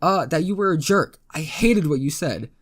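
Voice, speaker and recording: A man voicing an angry teenage girl who answers in a gruff, clipped voice, read within a spoken story. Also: a little high, lively intonation, moderate pace.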